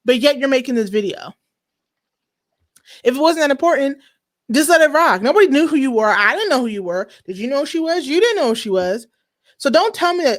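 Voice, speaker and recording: A woman hosting a podcast, chatting casually with lively, emphatic slang. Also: sits high, a little fast. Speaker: podcast host. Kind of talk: casual chat.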